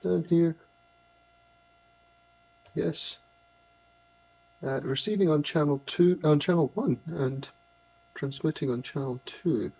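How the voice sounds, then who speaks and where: A man with a mild Scottish accent talks in a loose, rambling way, often restarting his sentences. His voice is husky and gravelly. The recording sounds dull and slightly muffled. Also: a little high, slow, long pauses, mellow. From Scotland. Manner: chatty, rambling, frequent restarts. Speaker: livestream host. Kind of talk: casual chat while working.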